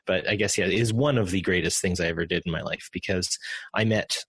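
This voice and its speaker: Low-voiced man telling a rambling story. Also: quick pace, fairly bright tone, husky, dry recording. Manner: rambling, with many restarts and acted quotes. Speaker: podcast guest. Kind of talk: casual interview storytelling.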